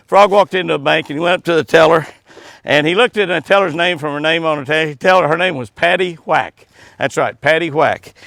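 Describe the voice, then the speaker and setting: A folksy man with a gravelly, slightly high voice talks casually as he walks through the woods. He chuckles often and coos softly to his dogs between stories. The sound is close and dry. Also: no echo. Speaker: host. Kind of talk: casual outdoor chat to camera. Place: outdoors, walking in the woods.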